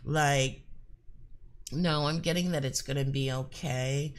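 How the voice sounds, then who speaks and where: A woman's voice: extremely low pitch, steady tone, takes it slowly. A woman giving a live psychic reading in a chatty, hesitant way, with many fillers and an occasional cough. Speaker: psychic reader.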